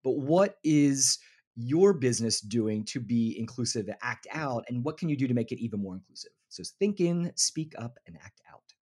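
A man's voice: mid-range voice, moderate pace, slightly rough. A man talking casually as a podcast guest, telling workplace stories and acting out quotes. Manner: animated storyteller, acts out quotes. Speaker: inclusion consultant guest.

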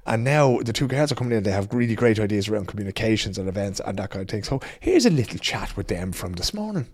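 An Irish man hosts a podcast from his small home studio. His voice sits fairly low, and he talks in a loose, colloquial, rambling way. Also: big pitch swings, fast talker, a little mellow, husky. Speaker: podcast host. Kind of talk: casual podcast monologue.

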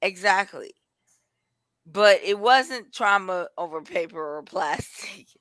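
A woman's voice: medium pitch, animated, slow pace, a bit bright, no echo. A woman talking bluntly and candidly in a casual chat, swearing freely and repeating herself for emphasis.

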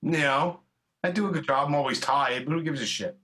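Bright-voiced, profane New podcast host. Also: male voice, fairly high pitch, a little fast. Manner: rambling, profane, chummy. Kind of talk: casual interview chat.

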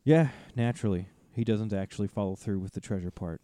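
A man co-hosts a podcast in chatty casual talk with an amused tone. His voice is mellow and the sound is dry, close to the mic. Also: lowish voice, fast talker, no room sound. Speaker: podcast co-host. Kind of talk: casual chat.

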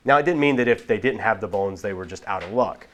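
A man teaching about the Bible in a relaxed, explanatory way, often restarting his sentences. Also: fairly low pitch, quick pace, highs cut off. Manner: explanatory, with frequent restarts and repeated words. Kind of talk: casual teaching talk.

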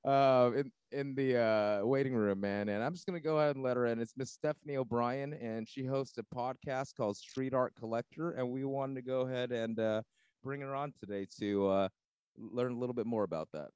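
A man's voice: medium pitch, brisk, a little mellow, clean tone, no echo, muffled recording. A man hosting a casual podcast, laid-back and chatty, dropping "man" and "you know" often. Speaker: podcast host, DJ. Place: Los Angeles studio.

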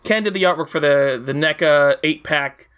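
An eager male host talks in quick, halting bursts. His voice is high and bright. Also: clean tone. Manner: excited, halting fan talk. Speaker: podcast host. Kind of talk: casual interview.

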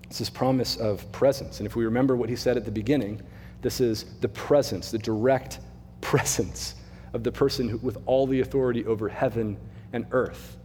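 A man's voice: mid-range voice, normal speed, a little hiss or hum. Man preaching a casual sermon in a reverberant hall. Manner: conversational, animated preaching with asides. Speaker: mission pastor. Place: church sanctuary.

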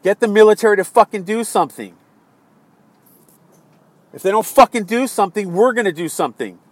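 High-voiced us guy ranting about politics, swearing nonstop, mutters then yells, dead dry sound. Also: lively intonation, a little fast, no room sound. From United States. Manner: heavily profane, swings between muttering and yelling; exasperated. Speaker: political commentator. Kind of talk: angry political rant.

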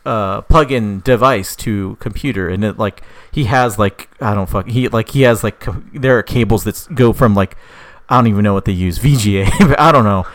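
Pretty low young guy, rambly and sweary, lots of um and like, dry mic. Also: fairly quick, no room sound. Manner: rambling, profane, lots of fillers. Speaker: podcast co-host pitching a story idea. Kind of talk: casual chat.

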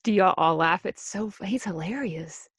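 A woman hosting an interview, reacting with enthusiasm and asking quick questions. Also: on the low side, breathy edge, dry recording. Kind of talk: upbeat interview.

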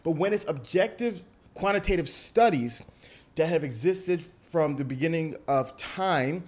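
Emphatic, animated male podcast host. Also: on the high side, unhurried. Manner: animated, emphatic, repeats words when excited. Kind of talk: casual podcast conversation.

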